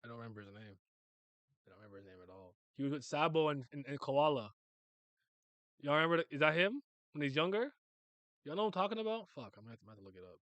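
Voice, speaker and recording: A man's voice: a little high, sing-song, very fast, long pauses, a bit bright, dry recording. A young man casually reacting to a manga chapter, joking, rambling and swearing as he reads.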